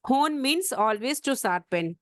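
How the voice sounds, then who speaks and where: High-voiced woman teaching English vocabulary. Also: lively intonation, no echo. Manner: spells words letter by letter, slows down to stress pronunciation. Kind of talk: exam-prep vocabulary lesson.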